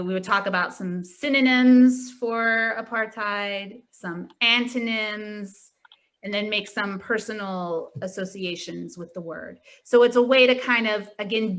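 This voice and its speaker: A woman from Pittsburgh, a tutor trainer, giving a chatty training talk over a video call and telling anecdotes. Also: mid-range voice. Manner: chatty, animated storytelling with lots of "like".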